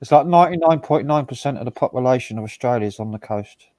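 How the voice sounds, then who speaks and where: Brief: man, quick talker, dry close sound. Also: mid-range voice, animated, darkish tone, no room sound. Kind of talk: casual chat.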